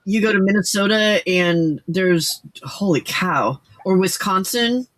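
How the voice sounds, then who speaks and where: A woman's voice: mid-range voice, a little slow. An older woman hosting a casual late-night crafting livestream, rambling with many fillers and restarts.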